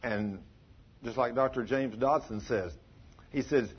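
A man's voice: medium pitch, a little slow, breathy edge, muffled recording. A man preaching a folksy sermon, full of stories and questions put to the congregation. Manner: folksy, plain-spoken, asks the audience questions.

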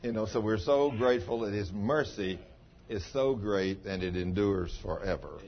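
A man's voice: on the low side, moderate pace. Man preaching in a folksy way. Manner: chatty, teasing the congregation by name. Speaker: pastor. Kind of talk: folksy sermon. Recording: dull sound with faint background noise.

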